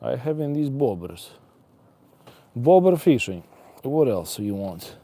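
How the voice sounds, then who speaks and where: A man's voice: medium pitch, lively intonation, normal speed, gravelly, dark tone, no echo. A man chatting casually and wryly to himself and passersby while fishing outdoors by an icy river, streaming live. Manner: rambling, wry, talks to himself and passersby.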